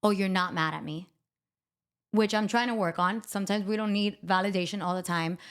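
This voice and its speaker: A woman hosts the podcast in a relaxed, talkative way. Her voice sits at an ordinary middle pitch, and she tells personal stories candidly, mocking herself and acting out both sides of the dialogue. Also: fairly quick, clean tone. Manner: chatty, candid and self-mocking, quotes dialogue. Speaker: podcast host. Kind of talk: casual storytelling chat.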